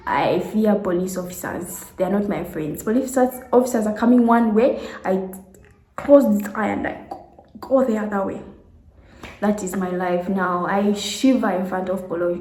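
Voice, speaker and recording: Animated woman telling a storytime vlog. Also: medium pitch, reverberant. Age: 20s. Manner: animated, acts out the people she quotes, laughs often. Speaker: vlogger.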